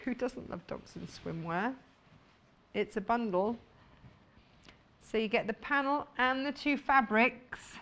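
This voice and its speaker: A woman's voice: fairly high pitch, takes it slowly, long pauses, a bit bright, slight background noise. A woman presenting fabrics on a live shopping channel, chatty and jokey, laughing often.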